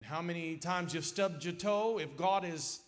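Folksy preacher man with a higher voice. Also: a little slow, soft background music. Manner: lively, folksy, with sudden loud emphatic swells. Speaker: guest preacher. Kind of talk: sermon. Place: church sanctuary.

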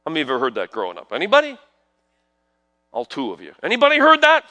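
A middle-aged man preaching a sermon, swinging from hushed asides to loud proclamations and asking the congregation questions. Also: fairly high pitch, wildly swooping pitch, racing. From New York. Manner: peppers talk with rhetorical questions to the congregation.

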